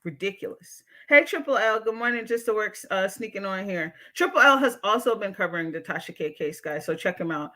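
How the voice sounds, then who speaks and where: A woman's voice: medium pitch, expressive, fairly quick, hardly any pauses, sharp tone. A woman hosting a livestream and reading out chat comments. She is a therapist who talks bluntly and swears freely as she lectures her viewers. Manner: blunt, outspoken and profane. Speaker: livestream show host and therapist.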